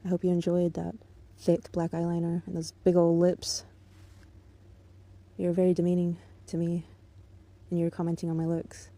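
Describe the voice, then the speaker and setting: Dark, flat-voiced woman venting with contempt. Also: fairly low pitch, normal speed. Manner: bitter, contemptuous and profane, in a controlled steady voice. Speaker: vlogger. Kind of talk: angry monologue addressed to an ex.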